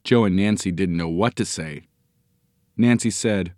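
A man narrating a children's story in a measured, expressive audiobook reading. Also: sits low, dry recording, clean studio sound.

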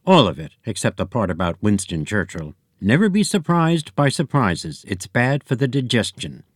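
A man's voice: on the low side, sing-song, moderate pace, no room sound, clean studio sound. A man voicing a snarling, smug male villain pig in a storybook reading.

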